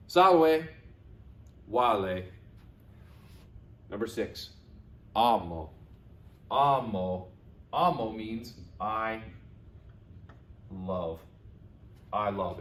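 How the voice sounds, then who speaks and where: A man teaching a children's lesson on video, his pitch swinging up and down with lively emphasis. He says each word slowly and repeats it so young learners can follow along. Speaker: Latin teacher.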